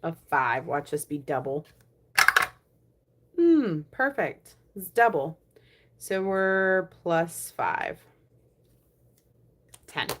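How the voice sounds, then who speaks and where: A young woman vlogging a savings challenge, chatting casually and counting money aloud, often dropping to a soft murmur. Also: fairly low pitch, very animated, very slow, pauses often, slight background noise. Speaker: budgeting vlogger.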